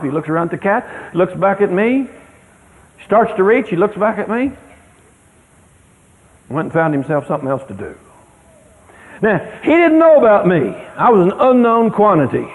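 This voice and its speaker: High lively older man on tinny radio. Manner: folksy, anecdotal, emphatic with sudden loud exclamations. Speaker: speaker on child rearing. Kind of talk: storytelling talk. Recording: tinny lo-fi radio broadcast with long reverb.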